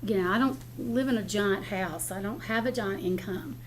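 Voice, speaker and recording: A woman's voice: mid-range voice, moderate pace, slight background noise. An older woman county commissioner speaking bluntly and emotionally at a public meeting. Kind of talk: impassioned remarks at a public meeting.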